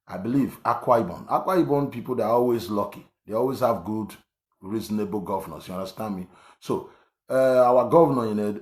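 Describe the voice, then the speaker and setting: A man's voice: mid-range voice, a little mellow. A Nigerian man around fifty, talking politics in an emphatic, repetitive way, with many fillers and restarts. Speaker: online commentator. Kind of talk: political commentary monologue. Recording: echoey room.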